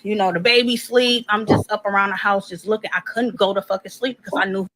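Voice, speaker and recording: A woman tells a personal story in a casual, blunt way, with lots of swearing. Her voice sits at a middle pitch, and she acts out both sides of the conversations she describes. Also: steady tone, fast talker, background noise.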